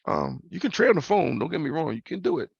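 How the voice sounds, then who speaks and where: Over muffled video call audio, a male host chats casually about trading, slangy and repetitive, ending points with tag questions. He talks fast and very animatedly in a slightly high, gravelly, husky voice, with no echo.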